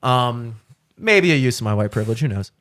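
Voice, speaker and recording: A man, talking casually on a podcast. He rambles through a long story, swears freely and acts out every other voice in it. His pitch is moderate and ordinary. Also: fairly quick. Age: 30s. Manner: animated, profane, acts out quoted voices. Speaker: podcast co-host.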